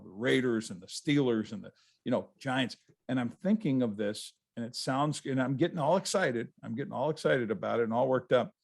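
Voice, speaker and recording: A man's voice: medium pitch, gravelly. A man, a guest author, telling stories in a casual interview over a video call, rambling and restarting his sentences.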